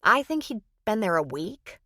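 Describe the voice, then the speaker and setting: A woman's voice: mid-range voice, very animated, moderate pace, sharp tone, no echo, studio quality, voice pushed up. A woman reading an embarrassed, regretful woman who speaks in a rueful, confessional way.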